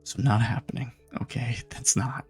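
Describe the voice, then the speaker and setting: A young man streaming live, bantering and joking with his chat in a relaxed, casual way. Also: medium pitch, normal speed, husky, faint music behind. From Nebraska, USA.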